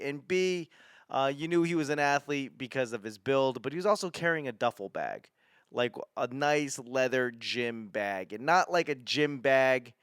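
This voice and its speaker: A man's voice: mid-range voice, fairly bright tone, smooth, dry recording, studio quality. A man in his thirties, a stand-up comedian hosting his own podcast, telling a rambling, profane story that keeps interrupting itself.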